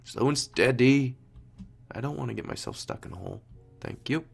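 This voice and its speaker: A man's voice: medium pitch, animated, moderate pace, vocal fry, fairly bright tone. A young man in casual gameplay commentary, talking to himself, swearing, muttering and exclaiming. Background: game music.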